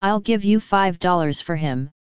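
A woman's voice: fairly low pitch, normal speed, clear, resonant tone, dry recording, muffled recording, close to an everyday voice. A woman voicing a blunt, pushy middle-aged townsman who haggles hard, in an audiobook. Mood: haggling. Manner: bargaining, blunt and knowing. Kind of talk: audiobook character voice.

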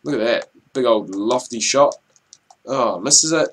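A young man giving chatty, rambling commentary over his gameplay, with excitable outbursts at the action. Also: medium pitch, unhurried. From New Zealand. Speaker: gaming channel host.

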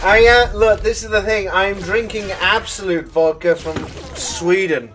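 A man giving casual gameplay commentary, excitable and swearing, with sudden shouts and laughs. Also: high voice, measured pace, far from the mic, slight background noise, low-quality recording. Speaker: gaming video host.

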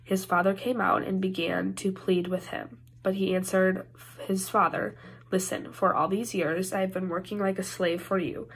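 A woman with an Upper Midwest American accent reads scripture aloud for a worship service. Her voice is gravelly, with a husky edge, and she sometimes trips over a word and starts it again. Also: mid-range voice, flat delivery, normal speed. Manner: careful reading with frequent slips and restarts. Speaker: scripture reader.

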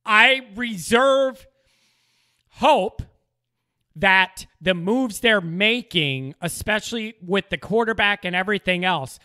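Exasperated man ranting, high bright voice. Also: expressive, slow pace. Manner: exasperated, repeats himself for emphasis. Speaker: sports commentator. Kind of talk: opinionated sports rant.

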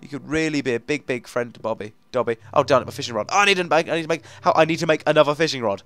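A young man gives chatty let's-play commentary in a medium-pitched voice, coaxing the game along and grumbling when it goes wrong. He breaks into excited outbursts now and then. Faint music plays softly behind him. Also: very fast. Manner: chatty, coaxing, easily frustrated, bursts of excitement. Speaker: gaming commentator.

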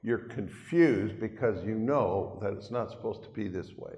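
An older Canadian pastor preaches a sermon to his congregation in a church hall, speaking at normal speed in a lowish, darkish voice. His style is chatty and folksy, with asides to the listeners, and the recording carries the long reverb of the hall.

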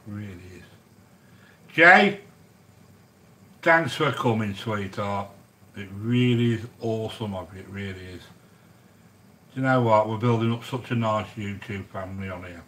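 A man's voice: on the low side, a little slow, sharp tone, slight background noise, poor audio. A middle-aged man, chatting casually with viewers while cooking a curry on a livestream. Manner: chatty, matey, calls viewers sweetheart. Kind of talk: casual chat.

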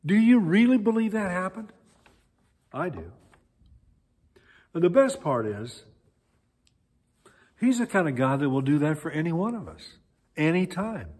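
The long, echoey reverb of a church sanctuary surrounds a male pastor whose husky voice swings lively up and down as he tells a story in his sermon. Animated, he often pauses and uses fillers while searching for the right words.

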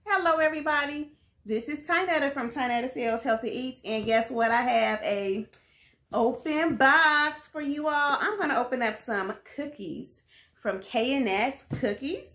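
A woman's voice: high-pitched, lively intonation, moderate pace, a bit bright. A woman from Chicago chatting playfully to viewers while unboxing and tasting cookies at home. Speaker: food vlogger. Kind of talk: casual unboxing and tasting vlog. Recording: echoey room with faint noise.

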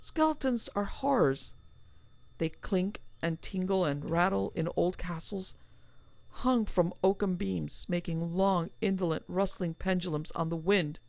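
A woman's voice: lowish voice, measured pace, vocal fry, darkish tone, no echo. A woman voicing an anxious middle-aged man in a panic, with a strained, agitated delivery. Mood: frantic. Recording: slightly dull, dry recording.

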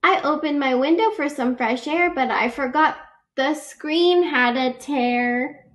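A woman's voice: high voice, unhurried. A woman reading a children's picture book aloud, patiently explaining facts and adding personal asides. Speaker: read-aloud reader.

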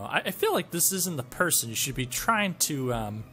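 A man narrates his gameplay with sarcastic jokes, frequent laughs and mild swearing. His pitch swings up and down with lots of animation and sits a little high for a man. He sounds like a casual let's-play commentator reacting as he goes. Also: big pitch swings, moderate pace, hardly any pauses, sharp tone, slight background noise.

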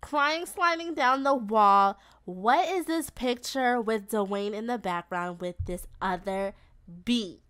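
A woman giving casual, expressive let's-play commentary, chatting to viewers as she plays a life-simulation game. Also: fairly high pitch. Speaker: game streamer.

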